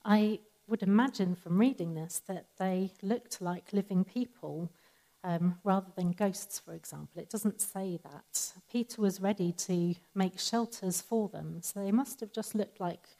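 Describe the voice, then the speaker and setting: A woman giving a sermon in a calm, measured, conversational teaching manner. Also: medium pitch, poor audio. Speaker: preacher.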